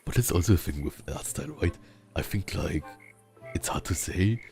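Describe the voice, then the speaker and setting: A very deep, rumbly male voice with a Southern German accent and a rolled R. He speaks slowly, leaving long pauses as he chats casually to his stream. Soft music plays faintly behind him. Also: very animated, gravelly. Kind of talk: casual chat while gaming.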